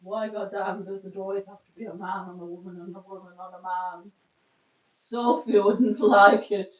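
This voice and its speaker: A woman voicing a frantic lady with a mock Russian accent and broken grammar, drawn out and loud. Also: medium pitch, steady tone, normal speed, natural voice. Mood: exasperated. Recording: roomy, distant, dull sound.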